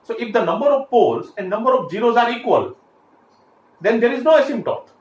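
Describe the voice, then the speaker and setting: A man's voice: extremely high pitch, very animated, a little fast. Lecturing man in an echoey room. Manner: explains step by step with frequent fillers and restarts. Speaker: engineering lecturer. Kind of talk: classroom lecture. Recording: echoey room, faint background hiss.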